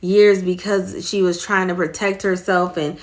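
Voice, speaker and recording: Middle-aged woman host, lowish voice, earnest and rambling, retelling a story in casual faith talk. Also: flat delivery, measured pace, darkish tone. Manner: rambling, earnest, many fillers.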